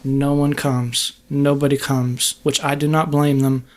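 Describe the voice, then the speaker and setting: A man with a slightly high voice, a podcast guest retelling a personal story in an earnest, halting way, often restarting his sentences. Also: little pitch movement. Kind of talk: casual spoken storytelling.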